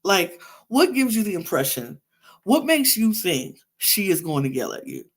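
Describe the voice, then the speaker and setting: A woman hosting a podcast, recapping a reality show in an animated, exasperated rant full of asides. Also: on the low side, unhurried, breathy edge. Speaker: podcast host.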